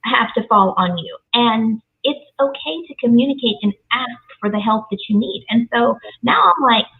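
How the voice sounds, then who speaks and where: Woman host, higher pitch, tinny phone-like sound; affirming and reflective, casual chat. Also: lively intonation, moderate pace, vocal fry. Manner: affirming, frequent yeses, reflective. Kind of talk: casual conversation.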